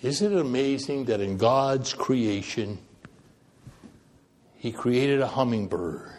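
A man preaching a sermon, swinging widely between loud emphatic phrases and quiet ones, with conversational asides and self-deprecating humor. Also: expressive, slow. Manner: dramatic, with wide swings in pitch and loudness.

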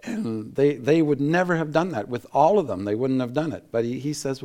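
An animated man teaching the Bible as a sermon, with a mid-range voice. He breaks into laughter and acts out what people said, restarting his sentences often. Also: mid-range voice, normal speed. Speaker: preacher.

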